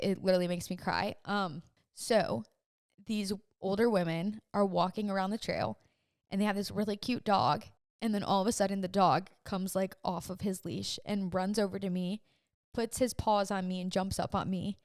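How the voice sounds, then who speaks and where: A young woman with a smooth, clear voice tells a personal story on her podcast, recorded dry and close to the mic. She talks in an earnest, emotional, chatty way, with plenty of "like" in her speech. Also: medium pitch, normal speed, no echo. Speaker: podcast host.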